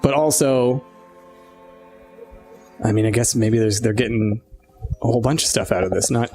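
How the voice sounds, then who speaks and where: A man running a tabletop game and talking in character, halting and full of fillers. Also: mid-range voice, warm tone, soft background music. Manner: hesitant, filler-heavy, halting speech. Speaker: game master. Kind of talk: tabletop role-play.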